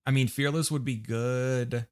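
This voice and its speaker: A man's voice: mid-range voice, steady tone, unhurried, clear, resonant tone. A man with an American accent casually talking to himself and reading chat while setting up a game loadout on a livestream. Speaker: streamer.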